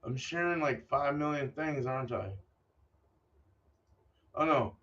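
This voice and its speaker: In unhurried speech with a medium-pitched, fairly bright voice, a man hosting a homebrewing vlog rambles casually and a bit distractedly, dropping offhand swears. The audio is dull and lo-fi, recorded from afar.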